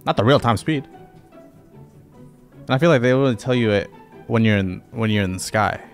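A man's voice: on the low side, moderate pace, creaky, faint music behind. A man co-hosting a reaction video, joking and bantering casually with his friend.

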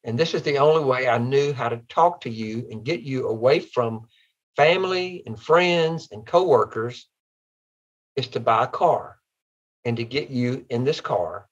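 A man's voice: mid-range voice, unhurried, slightly rough, muffled recording. A man voicing a kind old retired teacher lady. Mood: earnest. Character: kind old white-haired woman teacher.

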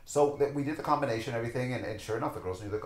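This man speaks at a racing pace in a medium-pitched voice while animatedly telling stories in conversation as a podcast guest. He is a dancer and teacher who brings passion to his tales and performs the characters' voices himself. The audio is low quality, with a roomy sound.

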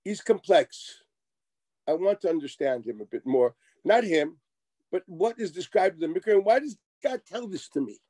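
A middle-aged man giving a Torah lecture as a rabbi, animated, with wry asides and acted-out exchanges. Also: high voice, dry recording.

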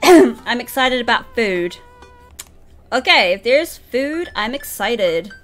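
Casting: young New woman, streamer, bright slightly high voice, slow unhurried delivery, giggly and chatty, soft music under. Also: big pitch swings. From New Zealand. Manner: giggly, chatty with viewers, reads game lines in a playful voice. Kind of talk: live game stream, reading dialogue aloud.

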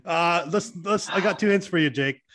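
A man from Canada hosting a podcast, chatty and quick to laugh in casual conversation. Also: high voice, fairly bright tone. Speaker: podcast host. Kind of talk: casual chat.

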